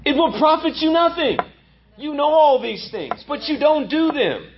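A man's voice: extremely high pitch, animated, moderate pace, lo-fi sound, slight background noise. A man preaching a sermon as pastor, emphatic and repeating lines for effect.

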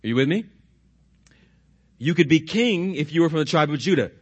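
A pastor delivering an emphatic sermon in a fairly high voice for a man. He keeps asking the congregation questions and checking that they are with him. He slows down and drops to a low, quiet voice when he wants to stress a point. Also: expressive, breathy edge, dull audio.

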